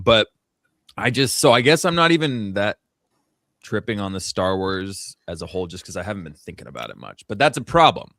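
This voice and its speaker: A man co-hosting a podcast, chatting casually in an animated, rambling way with many restarts over a remote call mic. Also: low-pitched, no room sound, clean studio sound. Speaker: podcast co-host. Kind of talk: casual chat.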